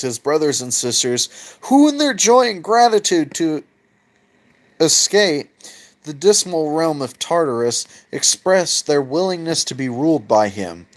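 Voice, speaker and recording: A man telling old myths on a casual livestream, at a slow, unhurried pace. He mixes read-aloud passages with laid-back, profane retellings. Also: a little high. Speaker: mythology video host. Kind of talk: casual livestream storytelling and reading.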